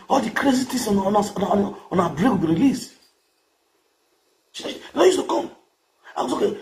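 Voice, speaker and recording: A man's voice: sits high, a little mellow, a little hiss or hum. A man with a Nigerian accent ranting to camera in a boastful, crude, mocking way, repeating his phrases. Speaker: vlogger.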